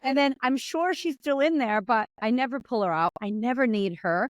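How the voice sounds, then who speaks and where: Animated, emotional woman guest. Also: on the high side, no echo, lo-fi sound. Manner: animated, emotional and laughing, quick to act out voices. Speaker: guest, confidence coach. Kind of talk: casual conversational interview.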